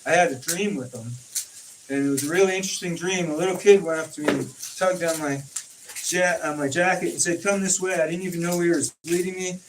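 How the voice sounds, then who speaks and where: A man spins tales in loose, casual conversation, jumping into the voices of the people he quotes. His voice sits somewhat high for a man. He is caught from a distance, with a faint hiss under the recording. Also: a little fast. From California. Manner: animated storyteller, acts out quoted dialogue. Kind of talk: casual storytelling chat. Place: informal home conversation. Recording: distant mic with faint noise.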